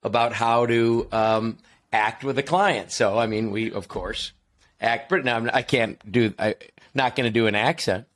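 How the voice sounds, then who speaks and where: An American podcast host talks in an everyday conversational way. He keeps his pitch in the middle range and often doubles back with asides and restarts as he explains his points. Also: steady tone, measured pace, a bit bright. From United States. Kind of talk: casual podcast chat.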